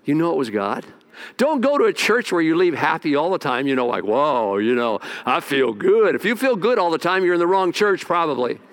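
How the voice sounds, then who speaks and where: A man, a pastor, preaching a sermon with dramatic swings between loud exhortation and quiet asides. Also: a little high, very animated, fairly quick.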